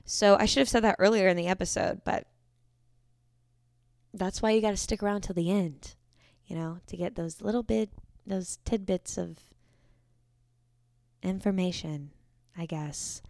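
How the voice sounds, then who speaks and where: A woman's voice: medium pitch, a little slow, creaky, long pauses, a little mellow, no echo, clean studio sound. A young woman in her twenties hosting a solo podcast, chatty and rambling, often correcting herself mid-sentence. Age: 20s. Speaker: podcast host. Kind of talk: casual solo podcast talk.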